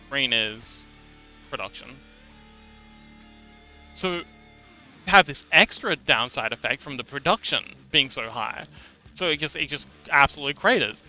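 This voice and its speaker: A man's voice: medium pitch, bright, forceful tone. A man livestreaming, explaining something in a rambling, casual way, repeating words and laughing now and then.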